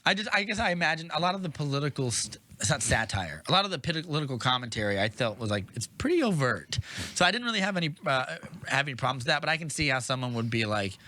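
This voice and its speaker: Fast, bright-voiced man who laughs easily. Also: a little high, sing-song. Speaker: co-host of a movie review show. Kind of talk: casual chat.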